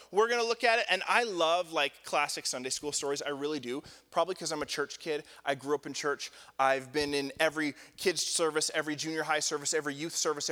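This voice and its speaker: A man in his thirties with a fairly high, bright, forceful voice preaches a sermon as a pastor. He tells family stories in a loose, self-deprecating, conversational way packed with fillers, and the recording has a long hall reverb.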